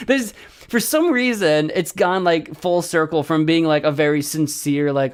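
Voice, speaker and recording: A man's voice: a little high, a little slow, clear, resonant tone. An American man streaming, chatting casually as he practices a language app, thinking aloud and second-guessing himself.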